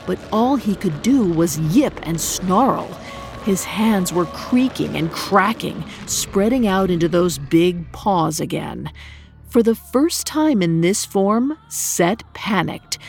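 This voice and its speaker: A woman narrates a myth in a scripted, measured and dramatic way. Her voice sits low, with a gravelly, creaky texture throughout. She has the steady pacing of a prepared storytelling reading.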